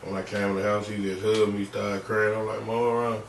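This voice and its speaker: A young man in a podcast interview, telling a personal story in a halting, slangy, subdued way. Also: on the low side, flat delivery, creaky, recorded from a distance. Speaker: podcast guest. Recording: roomy, off-mic, faint background noise.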